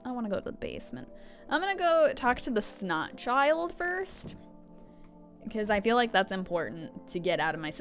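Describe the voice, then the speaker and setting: Woman streamer, playful, lively pitch, joking commentary, faint game music behind. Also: normal speed. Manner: playful, joking, reads game text aloud. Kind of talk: casual gameplay commentary.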